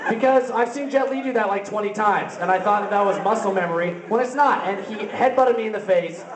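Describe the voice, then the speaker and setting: A man's voice: sits high, a little fast, a crowd in the background. A young man doing open-mic stand-up comedy, rambling absurdly with lots of fillers. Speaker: stand-up comic. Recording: roomy, distant, noisy camera recording.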